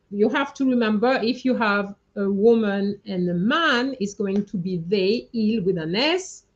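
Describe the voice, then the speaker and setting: A woman teaching French in an online class, slowly going over a dictation and checking in with "okay?" as she explains. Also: a little high, lo-fi sound. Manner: slow, patient, explains with frequent "okay?" checks.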